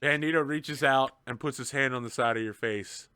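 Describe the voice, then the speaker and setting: A man narrating as game master of a tabletop game, relaxed and joking. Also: mid-range voice, normal speed, smooth, no echo, studio quality.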